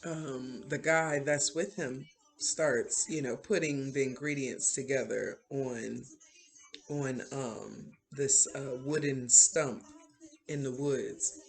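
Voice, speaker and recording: A man's voice: medium pitch, steady tone, slow, creaky. A man casually retelling a film plot, rambling with frequent fillers and restarts. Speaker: channel host.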